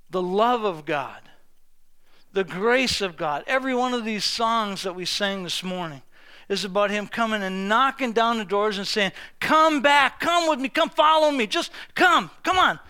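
An older man preaching a lively sermon, telling stories with acted-out voices and humor, often restarting and repeating words. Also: high-pitched, smooth. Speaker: pastor.

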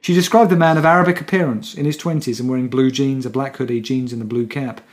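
A man's voice: mid-range voice, fairly even intonation, fast. A man co-hosting a casual podcast, reading out news stories and reader comments with wry, mock-serious asides. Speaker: podcast co-host.

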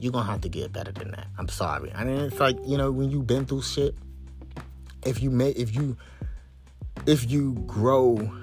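Young man with a low voice and AAVE, venting blunt and heated with soft music behind. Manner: blunt, profane, heated, rising to exasperated highs. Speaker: podcast host. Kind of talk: venting monologue.

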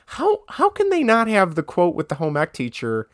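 A woman's voice: on the low side, huge pitch swings, normal speed, dry recording, studio quality. A woman co-hosting a casual chat about a movie, rambling, quoting scenes and searching her notes aloud. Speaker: podcast co-host.

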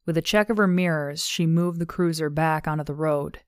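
A woman reads a novel aloud in measured, steady narration. Her voice sits low and smooth, and the sound is dry and close to the mic. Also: no room sound. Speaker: audiobook narrator. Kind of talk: scripted audiobook narration.

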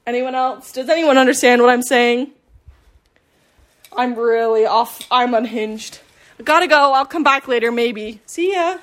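A woman's voice: a little high, fairly even intonation, unhurried. A nineteen-year-old woman chatting casually into her phone at home, rambling and self-deprecating, full of fillers and restarts. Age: late teens. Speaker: vlogger. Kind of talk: casual confessional chat. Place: home with dogs.

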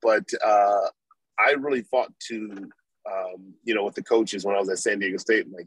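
Husky-voiced former football player telling stories. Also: male voice, fairly low pitch, moderate pace, dry recording, poor audio. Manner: animated storyteller, acts out his own past thoughts. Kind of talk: storytelling interview.

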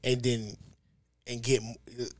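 A man's voice: mid-range voice, level tone, a little slow, darkish tone, no echo. Argumentative man on a wrestling podcast. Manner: argumentative, swearing, drops into mumbles. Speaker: podcast co-host. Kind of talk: casual podcast banter.

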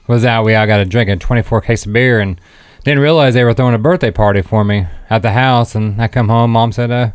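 A man's voice: medium pitch, steady tone, fast, smooth. A young man telling a long, profane story to friends, acting out the quotes as he goes. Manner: rambling, profane, acts out quotes. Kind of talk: casual story among friends.

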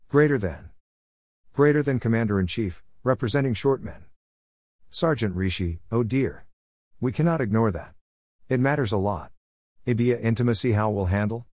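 A man's voice: on the low side, a little mellow, no room sound, clean studio sound. A man reading out group chat replies one after another, reading every message word for word, symbols included. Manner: reads each reply literally, symbols and all.

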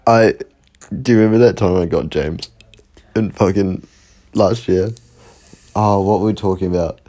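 A man's voice: low-pitched, steady tone, normal speed, mellow. A man casually chatting on a podcast, laughing often and swearing. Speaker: podcast co-host. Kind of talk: casual chat.

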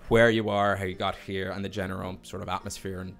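A man's voice: deep voice, little pitch movement, fast, gravelly, a bit bright, soft background music. A man narrating a tabletop fantasy game as game master, telling the scene like a storyteller and laughing often.

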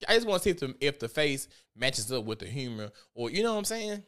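Animated, profane man vlogging. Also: medium pitch, fast talker, smooth. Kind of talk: casual commentary.

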